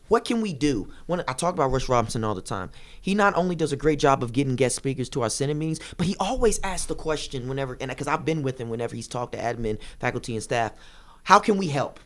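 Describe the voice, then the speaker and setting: Impassioned young man in a student debate. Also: mid-range voice. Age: young adult. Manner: impassioned, repeats phrases for emphasis; rapid, rushing delivery. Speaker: student government candidate. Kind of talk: debate answer.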